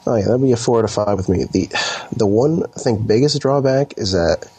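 A man co-hosting a podcast in casual chat, rambling with lots of fillers and quick laughs. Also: mid-range voice, lively intonation, dark tone. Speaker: podcast co-host.

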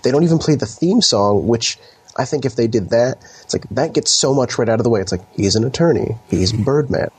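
A man co-hosting a podcast in casual chat, rambling with lots of fillers and quick laughs. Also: mid-range voice, animated, a little mellow, slightly rough. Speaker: podcast co-host.

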